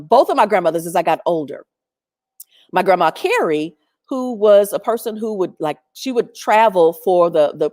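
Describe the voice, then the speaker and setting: A middle-aged woman telling a personal story in an animated, chatty way with lots of fillers. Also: on the low side, no room sound, clean studio sound.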